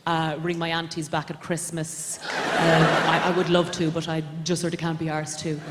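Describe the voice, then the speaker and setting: A young Irish woman performing stand-up comedy on a theatre stage, rambling in a deadpan, self-deprecating way. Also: deep voice, normal speed, very noisy. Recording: reverberant live theatre recording. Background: audience laughter.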